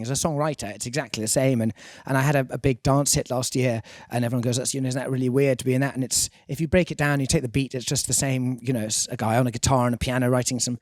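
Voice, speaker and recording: A man's voice: mid-range voice, quick pace, few pauses, darkish tone, dry recording. A man from England with an English accent, a guest on an interview telling anecdotes in a dry, self-deprecating way, recorded in a studio. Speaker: guest singer-songwriter. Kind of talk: casual interview chat.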